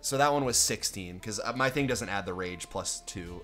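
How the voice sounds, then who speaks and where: A man playing a tabletop game, talking excitably and breaking into sudden loud bursts. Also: lowish voice, moderate pace, faint music behind. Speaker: player.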